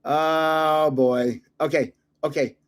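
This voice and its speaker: An older man hosts his own card-collecting channel, casually chatting as he opens packs and chuckling at his own guesses. His voice is a little high, slow, with fairly even intonation.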